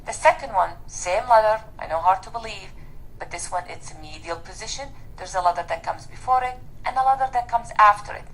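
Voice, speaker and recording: A woman teacher in a recorded lesson, modelling each sound slowly. She explains tongue position between sounds in a plain, patient voice. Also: medium pitch, fairly bright tone, slight background noise, rough recording. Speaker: Arabic teacher. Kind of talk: pronunciation lesson.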